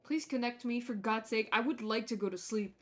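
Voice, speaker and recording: A woman's voice: fairly high pitch, brisk. A tired woman streaming a video game, ranting with exasperation and swearing as she talks casually. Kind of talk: casual gameplay commentary.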